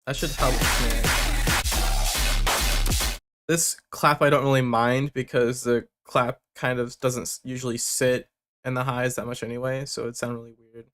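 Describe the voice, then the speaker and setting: A man's voice: mid-range voice, level tone, measured pace, over music. A young man hosting a livestream, bluntly reviewing submitted tracks with casual joking and swearing. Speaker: music producer giving feedback on submissions.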